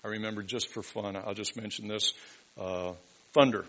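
Bright-voiced male preacher with big dynamic swings. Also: fairly low pitch, fairly even intonation, moderate pace, low-quality recording. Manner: dynamic preaching, swings from hushed to loud emphatic. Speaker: pastor. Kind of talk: sermon.

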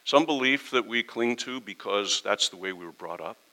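Bright-voiced man preaching conversationally. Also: on the low side, expressive, normal speed, poor audio. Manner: conversational preaching, acts out quoted exchanges. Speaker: pastor. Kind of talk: sermon.

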